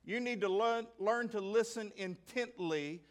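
A man's voice: high voice, measured pace. A man preaching a sermon as pastor, emphatic and full of rhetorical questions to the congregation.

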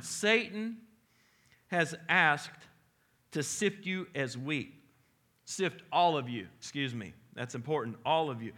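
Pastor guy preaching, chatty and animated, bright ringing voice. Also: a little high, moderate pace. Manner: animated, conversational preaching with rising emphasis. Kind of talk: sermon.

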